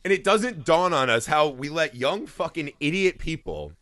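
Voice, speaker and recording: A man in his thirties from Indiana, co-hosting a podcast and telling a story in animated, profane casual chat. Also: a little high, normal speed, no echo. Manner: animated storytelling, heavy swearing, laughing. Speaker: podcast co-host.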